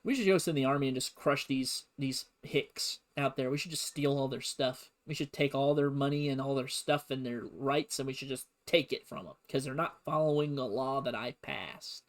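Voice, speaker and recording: A man's voice: medium pitch, moderate pace, few pauses, close to an everyday voice. A man putting on an arrogant, hawkish male statesman who pushes to send in the army, in a pushy, self-righteous rant.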